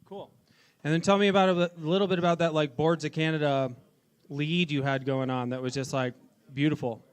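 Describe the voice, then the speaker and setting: A man's voice: fairly high pitch, steady tone, brisk, clear, resonant tone. A man hosting a live music night at a bar, interviewing a performer in a loose, upbeat way and swearing freely. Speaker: event host. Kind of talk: casual onstage interview.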